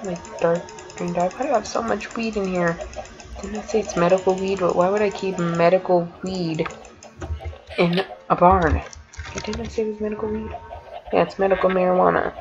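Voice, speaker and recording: A woman giving let's play commentary, excitable and quick to exclaim. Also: medium pitch, muffled recording. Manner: exclaims often, giggly and excitable. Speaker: gamer playing an adventure map.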